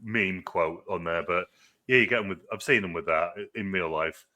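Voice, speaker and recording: A man's voice: deep voice, moderate pace, pushed and bright. A man with a British accent chatting casually about a movie, rambling with lots of fillers. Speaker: movie reviewer. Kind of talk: casual chat.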